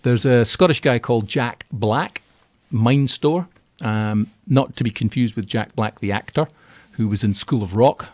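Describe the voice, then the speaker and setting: A man chats easily in a radio studio, sharing views as a keynote speaker. His delivery is animated and he slips into quoting others. The sound is dry and close, with a mid-range voice. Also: medium pitch, a little slow, no echo. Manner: chatty and animated, acts out quotes. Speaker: radio guest, keynote speaker on property finance. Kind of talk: conversational radio interview.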